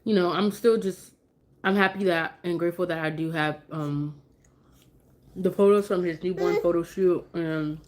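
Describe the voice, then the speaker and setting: Woman, low-ish voice, chatty mom on a live stream, emotional and sing-song with her kid. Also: steady tone, normal speed. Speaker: mother live-streaming at home. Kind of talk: casual live-stream chat.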